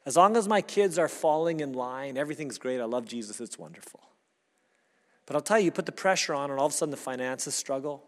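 Earnest male pastor in a reverberant sanctuary. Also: a little high. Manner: earnest, conversational preaching with repeated restarts. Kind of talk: sermon. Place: church sanctuary.

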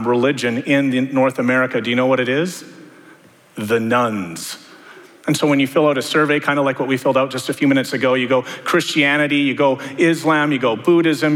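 A man's voice: mid-range voice, a bit bright. A man preaching a sermon, talking to the congregation in a conversational way with many rhetorical questions. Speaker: pastor. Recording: long hall reverb.

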